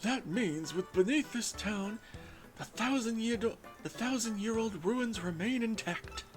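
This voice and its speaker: Man voicing old professor, raspy, wispy, animated, music behind. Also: sits high, measured pace, pitched above the performer's own voice. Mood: scholarly. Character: old male professor, scholarly and fussy.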